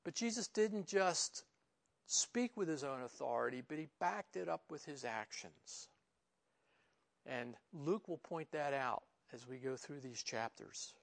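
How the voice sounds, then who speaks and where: A man gives a relaxed, verse-by-verse Bible teaching in a voice that sits a little higher than most men's. He talks informally, often saying "you know," and gets louder and higher when he stresses a point. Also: a little slow, vocal fry. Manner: rises in pitch and volume for emphasis. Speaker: pastor.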